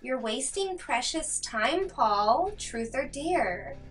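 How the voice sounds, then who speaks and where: A woman voicing a cold, taunting anonymous killer who speaks slowly and quietly. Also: high voice, animated, distant mic, faint music behind, full character voice. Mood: mocking. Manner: slow, quiet, mocking.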